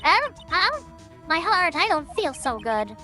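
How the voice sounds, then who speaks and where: A shrill huffing old woman. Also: big pitch swings, takes it slowly, faint music behind, full character voice. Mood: fretful. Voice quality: shrill, gasping between words. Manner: shouting threats, huffing.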